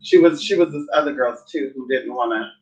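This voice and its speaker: A woman's voice: rumbling low, a little fast, poor audio. A woman hosting a casual chat, sassy and blunt, who often acts out other people's voices when she quotes them. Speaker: host.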